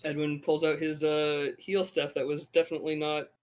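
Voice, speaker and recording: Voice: mid-range voice, little pitch movement, normal speed. A player in a tabletop game, asking hesitant questions full of fillers. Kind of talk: casual tabletop play.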